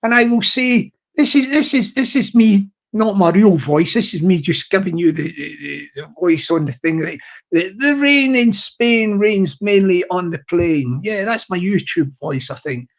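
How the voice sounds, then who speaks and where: Speaking at an ordinary pace, this man has a high, creaky voice and a Glaswegian accent from his home city of Glasgow. His live stream chat is casual and rambling, full of jokes, repeated lines and frequent laughter.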